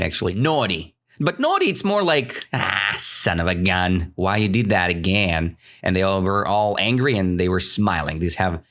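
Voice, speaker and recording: A man with a Russian accent teaches English through a story, speaking unhurriedly and often asking "right?" to check in. His lively, animated pitch swings high and low, and his steady pace lets learners follow.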